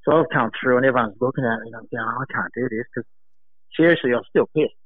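A man, a former pro surfer, telling animated anecdotes in casual chat, acting out voices and laughing often. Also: mid-range voice, quick pace, dry recording. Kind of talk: casual storytelling. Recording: dry, phone-like narrow sound.

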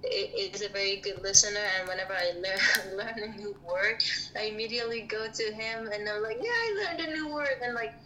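A woman guest on a podcast, telling stories in a lively, blunt way and acting out what others said. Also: medium pitch, brisk, a little hiss or hum, low-quality recording. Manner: animated, acts out quotes, blunt. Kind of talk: casual storytelling in an interview.

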